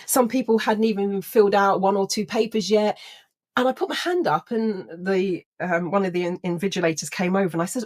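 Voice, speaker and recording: A woman's voice: medium pitch, a little fast. A woman, a personal development trainer telling a story to an audience, acting out the voices of people in it. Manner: animated, acts out voices of people in her story.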